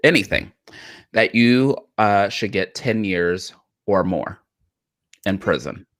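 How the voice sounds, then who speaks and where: A woman's voice: a bass voice, takes it slowly, no room sound, studio quality. A woman co-hosting a live talk show, chatting casually about politics and repeating phrases for emphasis. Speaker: podcast co-host.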